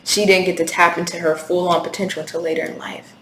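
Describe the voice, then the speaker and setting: A woman's voice: fairly low pitch, flat delivery, quick pace, fairly bright tone. A woman giving a candid, intense tarot reading to camera, swearing freely as she talks. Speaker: tarot reader. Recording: echoey room with faint hiss.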